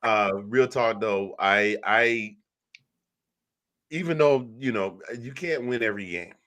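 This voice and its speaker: A man's voice: mid-range voice, takes it slowly, fairly bright tone. A man co-hosting a casual sports talk show, joking around and often restarting his sentences. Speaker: show co-host.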